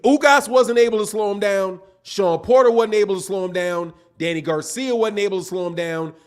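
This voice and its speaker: Male stream host with a high voice, argumentative, fond of rhetorical questions. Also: fairly quick. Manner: animated, argumentative, asks repeated rhetorical questions. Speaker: boxing channel host. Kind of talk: live-stream commentary, reading viewer chats.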